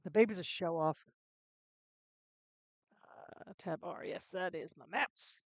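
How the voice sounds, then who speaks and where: A woman's voice: lowish voice, slow, dry recording. A woman streaming herself playing a video game, chatting casually to her viewers and talking to herself with frequent restarts. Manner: chatty, rambling self-talk with frequent restarts. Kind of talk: casual live-stream commentary.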